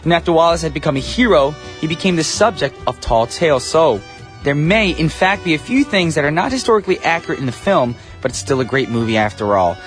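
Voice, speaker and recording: Upbeat male radio DJ, slightly high. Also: lively intonation, fast talker, a bit bright, faint music behind. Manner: upbeat, chatty, a little goofy. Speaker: radio DJ host. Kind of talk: casual radio DJ patter. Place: radio studio.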